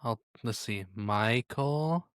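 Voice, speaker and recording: A man's voice: mid-range voice, takes it slowly, a bit bright, clear, resonant tone, no room sound. Laid-back man with dry quips. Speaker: podcast co-host. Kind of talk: casual chat.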